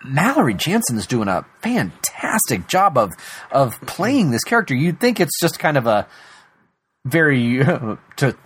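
A man's voice: medium pitch, sing-song, measured pace, fairly bright tone, slightly rough. A man co-hosting a casual TV episode recap, laughing often and restarting his sentences. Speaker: podcast co-host.

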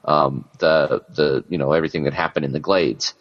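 A man's voice: a bass voice, fairly even intonation, a little fast. A man co-hosting a casual chat about a TV show, rambling a little with fillers and laughing easily. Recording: dull lo-fi sound.

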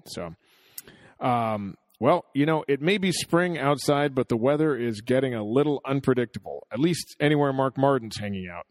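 A man co-hosting a podcast in casual chat, jokey and animated, telling stories with chuckles. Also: mid-range voice, moderate pace, dry recording, clean studio sound. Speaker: podcast co-host.

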